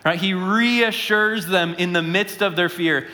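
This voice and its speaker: A pastor giving a conversational sermon, often checking in with his listeners with a quick "right?". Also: sits high, pushed and bright, long reverb tail.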